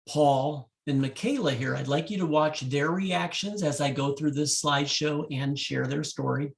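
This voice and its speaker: A man working as a wedding DJ, speaking directly to couples and telling a love story in an animated way. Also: on the high side, creaky.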